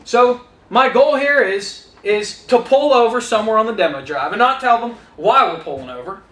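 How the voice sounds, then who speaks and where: A man with a very high, bright voice coaches salespeople, talking straight to his trainees and acting out his own lines to customers. The talk sounds energetic, and his voice rings in an echoey room. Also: normal speed. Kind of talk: instructional talk with acted-out dialogue.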